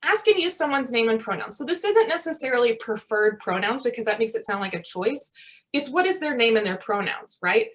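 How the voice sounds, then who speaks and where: A woman's voice: a little high, animated, fairly quick. A woman in her thirties, a family medicine physician giving a conversational teaching talk over a video call, often checking in with "right?". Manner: conversational, frequent tag questions like "right?".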